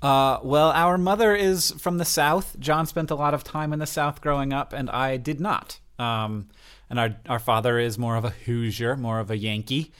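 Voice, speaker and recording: A man co-hosting a podcast in casual chat, explaining points eagerly with lots of fillers and quick asides. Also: medium pitch, smooth. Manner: animated, explaining with many fillers. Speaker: podcast co-host.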